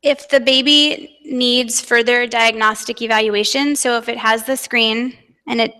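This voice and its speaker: Earnest American woman speaker, fairly high voice, hall reverb, conference talk. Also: fairly even intonation, measured pace, bright, forceful tone, smooth. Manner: earnest, personal, emotional at times. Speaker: conference speaker, parent advocate.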